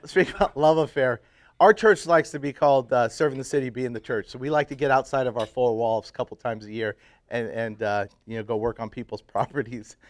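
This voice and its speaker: A man in his fifties, a church pastor, casually telling his life story to a men's breakfast group, swinging from loud, laughing bursts to quiet, earnest stretches. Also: medium pitch, fairly even intonation, brisk, dry recording. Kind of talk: casual personal testimony talk. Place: live talk to a roomful of men at a breakfast.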